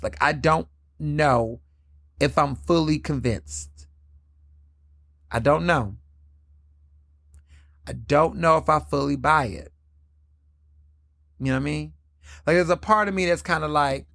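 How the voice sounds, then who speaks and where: A man hosting a solo podcast, talking in a candid, sassy way, swearing freely and swinging his pitch up and down. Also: creaky, a bit bright, dry recording, clean studio sound. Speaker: podcast host.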